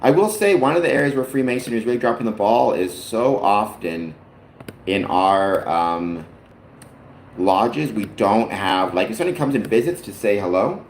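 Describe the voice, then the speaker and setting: A man's voice: fairly low pitch, lively intonation, moderate pace. Chatty Canadian man in an echoey room. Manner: rambling, chatty, talks to his father on the stream. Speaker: livestream host. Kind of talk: casual chat. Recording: roomy echo, faint background noise.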